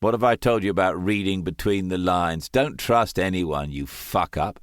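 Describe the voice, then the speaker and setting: A man reads a teasing, protective big brother in a storybook thriller. His scolding is mocking yet fond, delivered in a low voice, close and dry. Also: moderate pace, no room sound, lightly acted.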